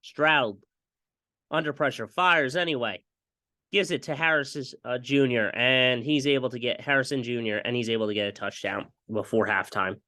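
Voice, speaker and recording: A young man giving a casual play-by-play breakdown of a football game. He gets excited and copies broadcast calls, and he keeps repeating stock phrases. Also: medium pitch, normal speed, dry recording. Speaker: fan video commentator.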